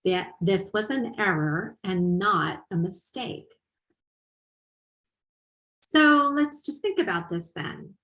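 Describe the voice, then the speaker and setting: A woman's voice: mid-range voice, a bit bright, echoey room, low-quality recording. A middle-aged woman presenting at a teaching conference, explaining ideas and asking her audience rhetorical questions. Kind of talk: webinar lecture.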